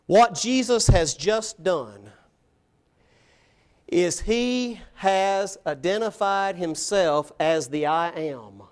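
High-voiced man preaching emphatically. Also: expressive, very slow. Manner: emphatic, rhetorical questions, swings between loud and soft. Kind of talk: sermon. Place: church, evening service.

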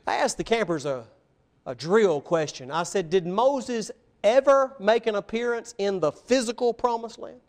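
A man preaching a sermon, telling Bible stories with animated voices and speaking directly to the children. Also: sits high, moderate pace. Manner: animated storytelling, voicing biblical figures, addressing children. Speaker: pastor.

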